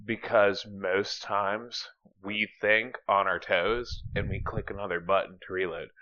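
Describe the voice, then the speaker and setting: A man with a fairly low but bright, forceful voice, talking fast and casually with plenty of fillers and cursing. He co-hosts a podcast and keeps the chat loose and energetic. His mic sounds muffled and lo-fi. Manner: profane, filler-heavy, energetic. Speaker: podcast co-host. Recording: dull lo-fi mic.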